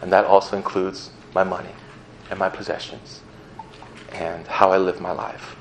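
Casual, animated male preacher. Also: sits low, normal speed, slight background noise. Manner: animated, casual, laughs often. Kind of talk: storytelling sermon. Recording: roomy echo, faint ambience.

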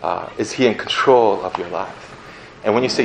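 A man preaching a sermon in a casual, animated storytelling manner, often laughing as he talks. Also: on the low side, moderate pace, vocal fry, slight background noise. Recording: roomy echo, faint ambience.

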